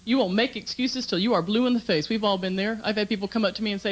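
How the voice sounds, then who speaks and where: A woman from Georgia doing a brisk, chatty stand-up routine on a TV talk show stage, laughing through her punchlines. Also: mid-range voice, fairly even intonation, poor audio. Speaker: stand-up comedian.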